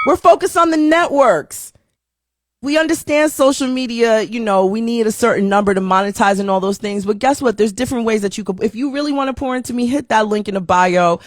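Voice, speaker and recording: Animated woman signing off her show. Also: mid-range voice, no room sound, studio quality. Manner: animated, talks straight to viewers. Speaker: livestream show host. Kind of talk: casual sign-off to viewers.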